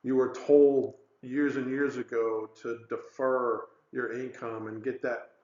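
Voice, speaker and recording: A financial advisor man presents a webinar in a relaxed, conversational way, full of fillers and little stories. His voice sits at an ordinary pitch for a man. The sound is roomy and a little dull. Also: takes it slowly. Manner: conversational, animated storytelling with many fillers.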